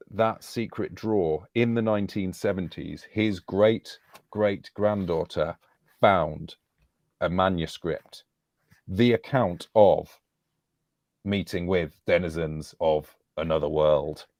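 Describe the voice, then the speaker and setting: A man, co-hosting a live podcast and telling a story with relaxed, dry asides. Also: deep voice, takes it slowly, no room sound. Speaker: podcast co-host.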